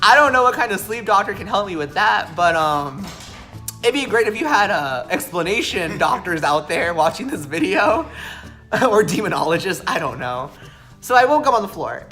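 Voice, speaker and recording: A young man casually telling a story on a vlog, animated, joking and swearing freely. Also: sits high, moderate pace, faint music behind. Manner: animated, profane, jokey.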